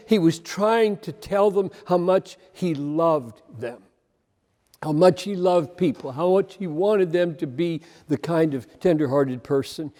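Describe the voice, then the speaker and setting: A male preacher giving an impassioned, emphatic sermon, swinging between loud emphasis and quiet asides. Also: high voice, in a large hall.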